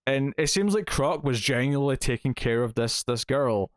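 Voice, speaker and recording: A man's voice: mid-range voice, lively intonation, normal speed, few pauses, no echo, studio quality. Chatty man reviewing comics. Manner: chatty, retells plot with acted quotes, many fillers. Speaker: podcast co-host reviewing comics. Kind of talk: casual review chat.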